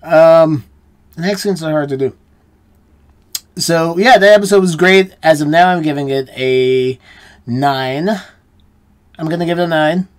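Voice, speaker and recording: Chatty, higher-voiced American man musing aloud. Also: unhurried, pauses often. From United States. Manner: musing, rambling, self-questioning. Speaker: reaction channel host. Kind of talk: casual solo review chat.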